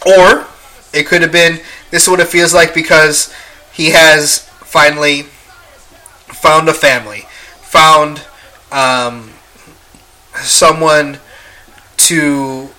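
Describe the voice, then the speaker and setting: A man's voice: a little high, sharp tone. A young man casually reviewing a movie, swearing freely and rambling with lots of ums. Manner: profane, rambling with many fillers.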